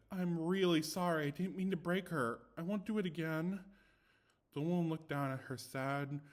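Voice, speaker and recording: A young man casually reading ghost stories aloud, chatty and stumbling over words, with asides, recorded without a proper microphone. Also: mid-range voice. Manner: chatty, self-commenting, stumbles and restarts. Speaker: story reader. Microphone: no dedicated microphone.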